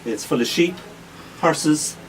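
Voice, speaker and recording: An Irish man in his sixties with a Kildare accent, a guest poet telling playful stories on a radio show. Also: fairly high pitch. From Ireland. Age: 60s. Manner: playful, storytelling, quick to laugh. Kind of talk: casual radio chat. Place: hospital radio studio. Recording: distant mic with faint hiss.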